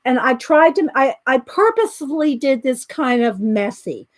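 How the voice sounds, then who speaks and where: Woman, middle-aged, high voice, casual rambling chat, a bit out of breath. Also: very animated, normal speed. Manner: chatty, rambling, answers viewer comments. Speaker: livestream host.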